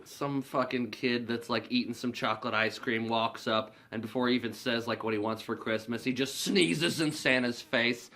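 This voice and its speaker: A man's voice: mid-range voice, moderate pace, few pauses, fairly bright tone. Rambling, foul-mouthed guy recapping a movie. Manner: rambling, profane, heavy use of "like". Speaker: movie reviewer. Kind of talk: casual spoken movie recap.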